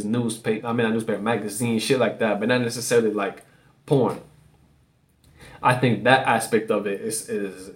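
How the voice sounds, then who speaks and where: A man hosting a solo podcast and rambling casually, with lots of swearing and "like" fillers. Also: on the low side. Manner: loose and profane, with many "like" fillers. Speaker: podcast host.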